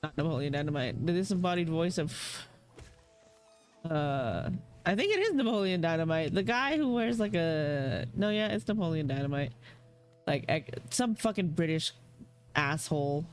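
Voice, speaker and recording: A young adult game streamer rambles to chat in a lively, swinging voice, cursing freely and laughing between jokes. Faint game music plays underneath the talk. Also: mid-range voice, moderate pace, clear, resonant tone. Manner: swears freely, laughs often, jokey and rambling. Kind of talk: casual livestream gaming commentary, chatting with viewers.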